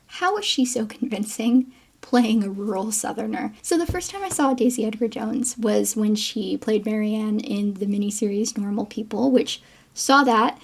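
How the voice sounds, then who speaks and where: A woman hosts her own film commentary channel, chatting with playful asides and small laughs. Her voice sits a little high but keeps dropping into gravelly vocal fry. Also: moderate pace. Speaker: geographer and film commentary host. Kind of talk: casual film commentary to camera.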